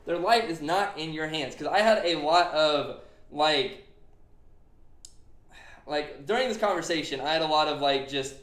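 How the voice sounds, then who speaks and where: A man's voice: on the high side, unhurried, long pauses, a bit bright. A young man hosting a casual podcast, earnestly retelling a conversation with lots of fillers. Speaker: streamer and podcast host. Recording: echoey room.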